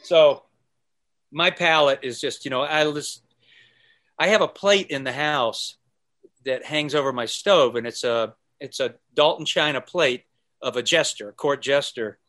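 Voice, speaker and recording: With a medium-pitched voice and measured pace, a podcast guest spins stories in a relaxed chat. He's animated, voicing the people he quotes and breaking into snippets of song.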